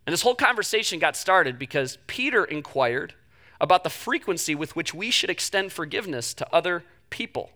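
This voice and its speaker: A young man preaching a sermon, telling the story with animated delivery and acting out the quoted voices. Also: fairly high pitch, brisk. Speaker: pastor.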